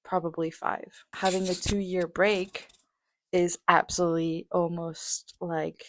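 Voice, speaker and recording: A woman's voice: fairly low pitch, level tone, slow, a bit bright. A young woman vlogging on a walk, talking candidly and rambling with lots of fillers and swearing. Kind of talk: casual vlog monologue. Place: outdoors on a walk.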